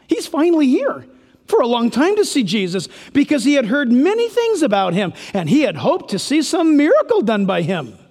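Male pastor preaching, high voice swinging all over, big echoey hall sound. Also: huge pitch swings, normal speed, darkish tone. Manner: emphatic, rhetorical questions, acts out quotes. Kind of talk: sermon.

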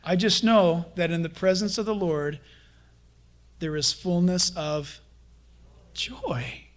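Preaching slowly in a high-pitched voice, this pastor keeps his sermon lively and conversational, staging playful mini-dialogues with the congregation.

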